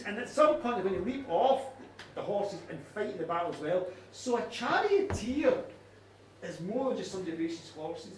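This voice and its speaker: A man's voice: high voice, slight background noise. A man telling an old myth live to an audience in a pub, with chatty asides. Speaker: storyteller. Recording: echoey pub room from far off. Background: faint room ambience.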